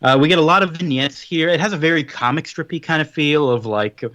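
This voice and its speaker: A man co-hosting a podcast in casual chat, summarizing a story with quick acted-out quotes. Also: fairly high pitch, a bit bright, no room sound, highs cut off. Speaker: podcast co-host.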